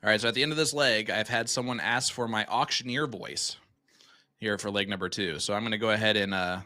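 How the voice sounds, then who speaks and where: A man calling a live darts stream as host, talking straight to the chat and rattling off sponsor scripts at speed. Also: on the low side. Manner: energetic, talks to the chat, plugs sponsors in rapid reads.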